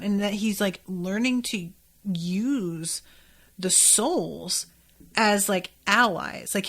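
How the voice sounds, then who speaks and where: A woman's voice: mid-range voice, fairly bright tone. A woman hosting a podcast, recapping an episode in a casual, rambling way with lots of filler words. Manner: chatty, rambling, many filler likes. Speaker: podcast host.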